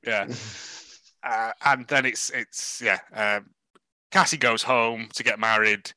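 A man co-hosting a casual podcast, recapping a film plot with jokes and quick asides. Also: mid-range voice, steady tone, bright, forceful tone, no room sound. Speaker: podcast co-host. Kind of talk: casual chat reviewing a film.

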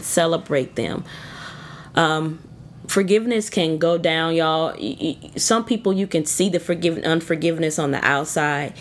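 Woman, deep voice, earnest and exhorting, relaxed devotional talk. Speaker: devotional speaker.

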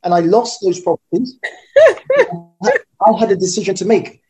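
Man guest, animated storyteller, dark mellow voice, quick delivery. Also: high voice, soft background music. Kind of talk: storytelling interview talk.

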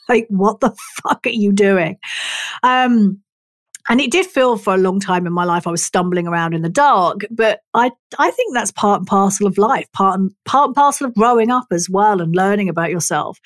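A middle-aged woman, a talk therapist telling her personal story in a frank, expressive way and swearing freely. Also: mid-range voice, no room sound. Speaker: talk therapist and body worker.

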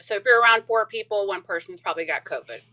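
A woman's voice: mid-range voice, quick pace, sharp tone, rough recording. A woman on a call-in show, sharing news in a hesitant, hedging way. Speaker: caller. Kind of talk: casual chat.

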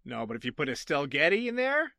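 Jokey Massachusetts man, bright voice. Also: on the high side, big pitch swings, fast talker, creaky, no echo, clean studio sound. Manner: jokey, playful exclamations. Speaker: game show judge. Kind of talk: casual podcast banter.

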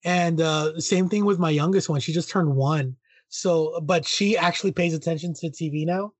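A man's voice: a little high, moderate pace, no room sound. A young man co-hosting a podcast in casual chat, rambling with fillers. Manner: rambling, many fillers and restarts. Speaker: podcast co-host.

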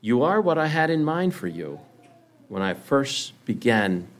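A calm, patient master potter from a told parable speaks low and soft, firm but never hurried, as a man plays him. His pace is slow, yet his pitch still moves with feeling. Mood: gently explaining.

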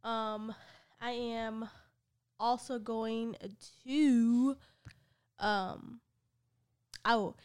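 A woman in her twenties co-hosting a podcast, chatting casually with lots of laughter and animated storytelling. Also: on the high side, very slow, pauses often, smooth. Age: 20s. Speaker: podcast co-host. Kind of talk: casual chat.

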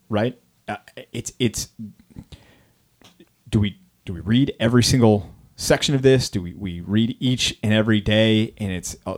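Pastor guy, lowish voice, easygoing podcast talk, lots of restarts. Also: a little mellow. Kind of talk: casual Bible discussion.

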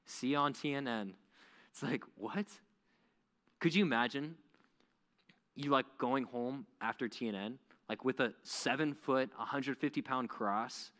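Male youth pastor, casual animated delivery, reverberant hall sound. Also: medium pitch, normal speed. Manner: conversational, animated, many "like" fillers. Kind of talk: youth sermon.

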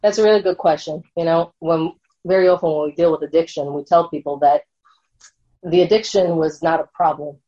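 A woman's voice: low voice, fairly even intonation, brisk, warm tone, muffled recording. A woman lecturing and answering an audience question in an earnest way, often checking in with her listeners.

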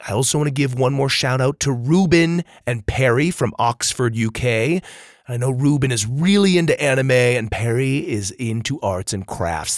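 A friendly man hosts a children's story podcast and chats loosely with kids about their letters. His voice sits in an ordinary middle pitch, and the recording is close and dry with no room echo. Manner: upbeat, friendly, calls listeners dude and bud. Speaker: podcast host. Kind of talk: casual chat to young listeners.

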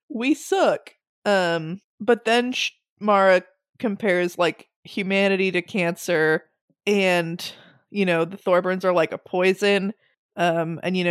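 A woman's voice: lowish voice, clear, resonant tone, no echo. A woman chatting casually about a book on a podcast, laughing often and acting out the characters' lines. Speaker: podcast co-host. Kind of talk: casual book discussion chat.

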